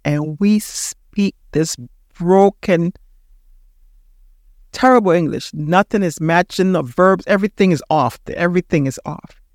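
A woman's voice: fairly low pitch, no room sound, clean studio sound. A woman in her sixties with a Panamanian accent, hosting a podcast and giving an emphatic motivational talk that repeats its points for emphasis. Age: 60s. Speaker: podcast host.

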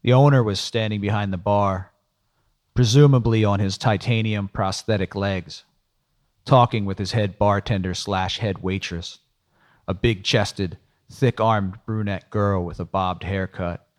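A man's voice: lowish voice, steady tone, measured pace. A man giving wry, world-weary first-person noir audiobook narration.

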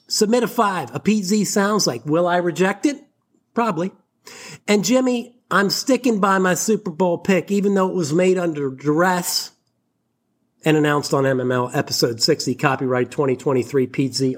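Guy with a high voice doing a sweary fake-outraged rant on his comedy podcast, cocky and loud about it. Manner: mock-indignant, profane, boastful.

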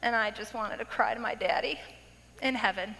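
A woman in her forties giving her testimony in a church, telling her story with big animated swings. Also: fairly high pitch, normal speed, vocal fry, slight background noise. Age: 40s. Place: church worship center. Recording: long hall reverb.

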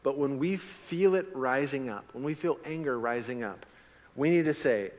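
A middle-aged man preaching a sermon as a pastor, animated, swinging from loud emphatic lines to quiet asides. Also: medium pitch, normal speed. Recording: long hall reverb.

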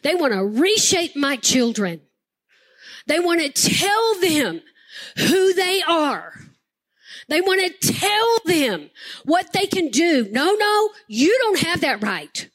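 A woman's voice: extremely high pitch, sing-song, slow pace, a bit bright. An older woman pastor preaching a sermon with impassioned, emphatic repetition.

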